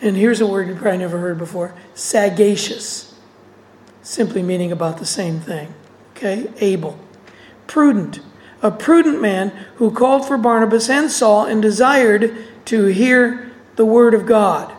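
A woman's voice: mid-range voice, darkish tone, rough recording. A woman teaching through a Bible passage, reading verses aloud and explaining them with casual asides.

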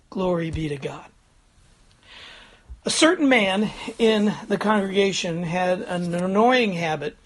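An older male pastor stands at the front and delivers a folksy, chatty sermon in a high-pitched, slightly bright voice. He chuckles and keeps checking in with the congregation, frequently asking "Amen?" and "Okay?"

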